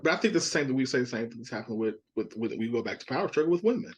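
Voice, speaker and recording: Husky-voiced man answering on a podcast. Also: mid-range voice, animated, fast talker. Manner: earnest, reasoning aloud with repeated starts. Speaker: podcast guest.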